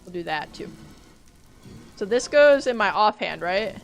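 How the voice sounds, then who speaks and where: A woman's voice: mid-range voice, lively intonation, measured pace, creaky, a little hiss or hum. A young woman streaming a game live, talking to her chat, easily startled and swearing when things go wrong. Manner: jumpy, swearing, talks to chat.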